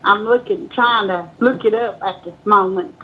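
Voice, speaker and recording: A woman's voice: mid-range voice, moderate pace, pushed and bright, a little hiss or hum, poor audio. A woman from Louisiana with a Southern US accent, calling in to a stream in a hesitant drawl. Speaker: caller.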